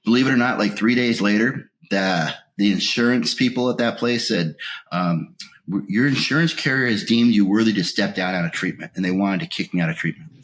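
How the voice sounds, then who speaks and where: A man being interviewed, telling his recovery story in a raw, emotional way, his voice rising when anger returns and sinking to a near whisper at the lowest points. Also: a little fast, a bit bright. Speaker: interview guest.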